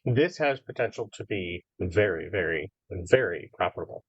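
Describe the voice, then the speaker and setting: A man's voice: low-pitched, expressive, normal speed, slightly rough, no echo, muffled recording. A man voicing a smug, greedy teenage girl student who talks down to the younger ones in a tabletop game. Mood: smug, scheming. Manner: condescending, boastful.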